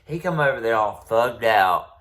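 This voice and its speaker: A man's voice: medium pitch, expressive, normal speed, fairly bright tone. A man hosting his own channel, telling a personal story in a rambling, profane way, full of ums and restarts. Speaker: channel host.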